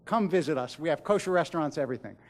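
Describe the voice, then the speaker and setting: A middle-aged man, a rabbi, telling stories in a speech to a large audience, pausing for effect and dropping to a hush on the key lines. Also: fairly high pitch, expressive, big-room sound. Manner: dramatic pauses, drops to a hush at key lines. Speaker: rabbi giving a keynote speech. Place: large event hall.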